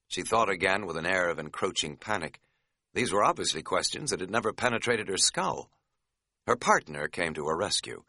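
A man's voice: low voice, animated, moderate pace, sharp tone, no room sound. A man reading an audiobook, telling the story with a wry, dry humor. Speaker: narrator. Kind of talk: audiobook narration.

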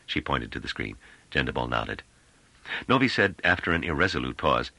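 A man reading an audiobook as narrator, expressive and scripted. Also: a little fast, gravelly, no echo. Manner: expressive reading with wide swings in pitch.

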